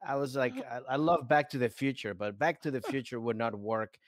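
A man co-hosting a comedy podcast in casual chat, playful and laughing often as he acts out quick impressions. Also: medium pitch, dry recording. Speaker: podcast co-host.

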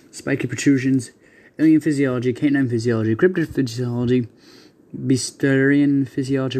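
A man hosting his own creature battle show, reading lists haltingly, stumbling over words and clearing his throat often. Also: medium pitch, a little mellow. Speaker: host of a creature battle channel. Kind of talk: casual read-out narration.

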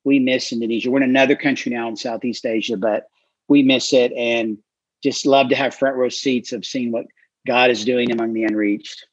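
Man, guest author, animated storytelling, husky voice, dry lo-fi sound. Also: medium pitch, moderate pace, dry recording. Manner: animated storyteller, frequent fillers. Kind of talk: storytelling in an interview. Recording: dry, slightly dull recording.

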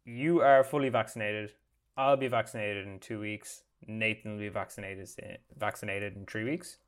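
A man's voice: on the low side, steady tone, normal speed. A man chatting casually with friends about a cycling trip, joking and slipping into silly foreign-sounding voices. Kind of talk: casual chat among friends.

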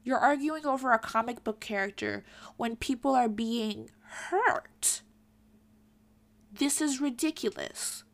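A woman's voice: a little high, slow pace, gravelly. A young woman giving an earnest, pointed opinion commentary straight to her viewers. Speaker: commentary vlogger.

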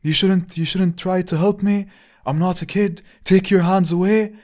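A man's voice: high voice, steady tone, moderate pace, a little mellow, pitched above the performer's own voice, lightly acted. A man voicing an irritated, stubborn old woman who scolds indignantly.

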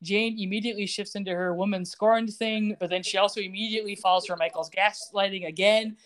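Brief: woman, podcast co-host, lively plot recap, middle pitch, plays the characters' lines. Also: a little fast. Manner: acts out characters' lines with shifting pitch, laughs often. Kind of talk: casual chat, animated plot retelling.

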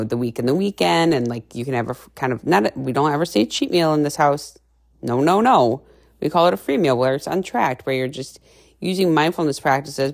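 A woman's voice: low voice, vocal fry. A woman nutrition coach talking casually and bluntly, cursing freely and acting out little scenes. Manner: brash, profane, animated storytelling with playful voices. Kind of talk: casual podcast monologue.

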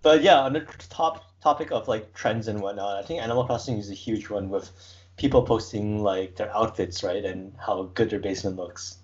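A man's voice: lowish voice, fairly quick. A man hosting a casual chat, rambling with lots of fillers and frequent laughs. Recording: dull lo-fi recording.

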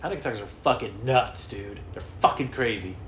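A man telling rambling, profane stories in a casual comedic monologue, often mimicking people in high squeaky voices. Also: normal speed, a bit bright, a little hiss or hum. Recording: echoey room, faint background.

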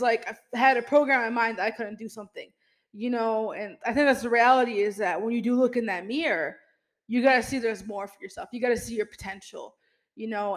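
Over poor audio, a medium-pitched voice delivers an emphatic pep talk on a podcast. The host addresses listeners directly as "y'all," often saying "you know" and swearing mildly.

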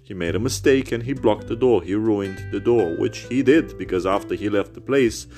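A man's voice: on the low side, normal speed, a little mellow, faint music behind. A man recording a personal rant podcast on a phone, bitter and rambling, swearing a lot.

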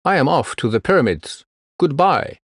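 A fussy little male swallow, as a man puts him on in a storybook reading, chatty and restless. His voice leaps upward and swings lively on every exclamation, and the sound is close and dry. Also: on the high side, moderate pace, no room sound, voice pushed up, heavily acted.

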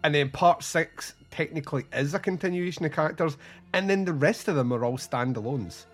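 A man's voice: on the high side, fairly quick. A man hosting a podcast, chatting in an enthusiastic, easygoing way. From Scotland. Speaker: podcast host. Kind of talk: casual chat.

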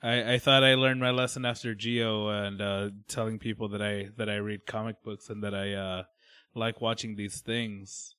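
A man chatting casually on a podcast, teasing his friend and dropping quick wisecracks. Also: fairly low pitch, level tone, bright, forceful tone, clean tone, no echo. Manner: joking interjections, teasing, dry wisecracks. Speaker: podcast co-host. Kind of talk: casual chat.

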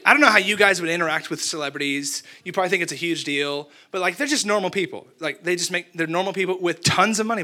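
Young guy preaching, bright voice, acts out his thoughts, goofy and animated. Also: high-pitched. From Abilene, Texas. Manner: animated, self-mocking storyteller acting out his own thoughts. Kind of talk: storytelling sermon.

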